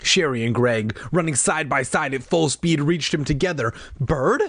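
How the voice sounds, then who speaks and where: A man's voice: on the high side, normal speed, a bit bright, no echo, studio quality. A man reading a children's book aloud, tossing in wry asides. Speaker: reader.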